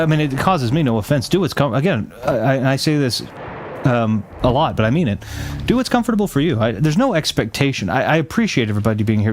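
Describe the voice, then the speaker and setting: A man's voice: mid-range voice, a little hiss or hum. A man giving casual gameplay commentary while chatting with live viewers, rambling with frequent restarts and self-corrections. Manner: reads game text aloud between chatting with viewers. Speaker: game streamer.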